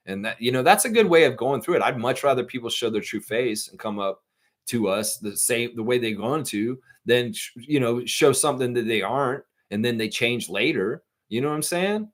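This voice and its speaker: A man's voice: medium pitch, normal speed. A man with a Southern accent hosting a casual live stream, rambling animatedly while reading and answering viewer comments. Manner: animated, rambling, quotes imagined voices. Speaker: livestream host.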